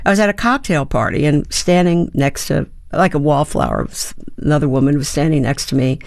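A woman's voice: deep voice, very animated, a little fast, creaky, a little mellow, no room sound, studio quality. A woman in her seventies, an actor and playwright, answering interview questions in a reflective, storytelling way with fillers and restarts. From United States. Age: 70s.

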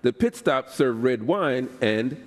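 A man on a radio quiz show reading comic limericks aloud in a deliberate, rhythmic way. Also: medium pitch, lively intonation. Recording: long theater reverb.

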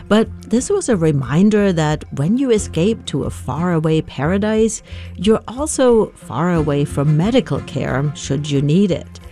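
A woman's voice: sits low, warm tone. A woman from Germany hosting a podcast, narrating a script and asking curious, conversational questions. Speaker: podcast host.

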